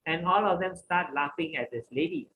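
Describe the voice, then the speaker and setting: Give me a man telling a devotional tale, lively, over faint background noise. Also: fairly high pitch, moderate pace, narrow, tinny audio. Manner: lively, voices the characters. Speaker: teacher. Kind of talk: devotional storytelling.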